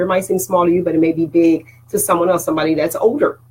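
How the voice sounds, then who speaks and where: A woman's voice: on the low side, expressive, fast, darkish tone, slight background noise, low-quality recording. A woman hosting a casual motivational talk to her viewers, preachy and conversational, often checking in with "all right?". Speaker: host.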